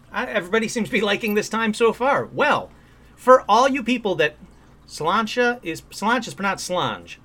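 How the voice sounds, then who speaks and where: A man's voice: high voice, bright, forceful tone. A man hosting a live paranormal call-in show from a room at home. He chats casually and upbeat, with plenty of ums and uhs. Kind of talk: casual live-stream chat.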